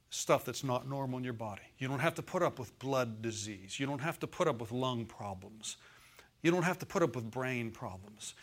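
A man delivering a sermon in an easy, conversational manner, pitched in a comfortable middle range. He mixes homespun humor with earnest repetition and keeps drawing the congregation in with quick calls for an amen. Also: fairly bright tone. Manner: conversational preaching, asks congregation for amens; folksy humor, repeats phrases for emphasis. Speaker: pastor.

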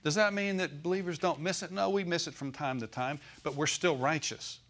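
A man's voice: on the high side, a little fast, a bit bright. Man preaching a folksy sermon. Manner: preaching with call-and-response, folksy phrasing. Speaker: pastor.

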